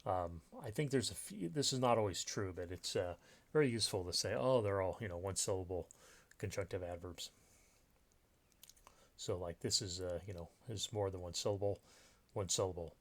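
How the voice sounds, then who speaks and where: Man, writing teacher, lowish voice, halting delivery, lots of uh and um, slide voice-over. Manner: halting, many fillers and restarts. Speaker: writing instructor. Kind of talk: recorded grammar lesson.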